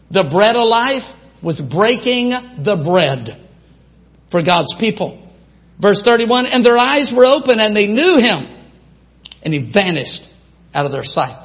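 A man preaching a sermon, reading scripture aloud and asking the congregation questions in an animated way. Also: high voice.

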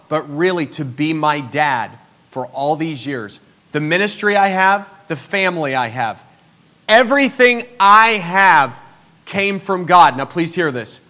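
A pastor in his forties with a high, bright and forceful voice, preaching in a storytelling way. He drops to near-murmurs and then rises to emphatic bursts. His delivery is personal and conversational. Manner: storytelling, emphatic, swings between soft and loud. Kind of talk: sermon.

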